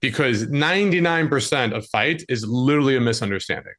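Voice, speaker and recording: Speaking a little fast in an animated, mid-range voice with a fairly bright tone, this man works as a dating coach. As a podcast guest in casual conversation, he coaches bluntly on relationships and plays out scenes using quoted voices.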